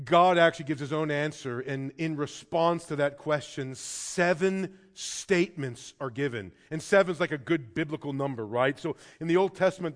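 A man preaching a sermon in earnest, swinging between hushed and emphatic lines, often repeating words as he starts a sentence. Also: on the high side. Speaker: pastor.

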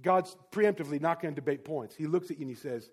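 A man's voice: a little high, quick pace, a little mellow, husky. A man preaching a sermon as a pastor, speaking in an emphatic, exhorting way.

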